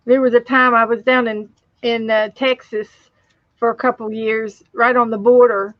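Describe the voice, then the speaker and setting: A woman with a West Virginia accent hosting a casual livestream chat, telling stories slowly with many restarts. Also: on the high side, little pitch movement, no echo, lo-fi sound. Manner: slow, rambling storytelling with many restarts. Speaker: livestream host.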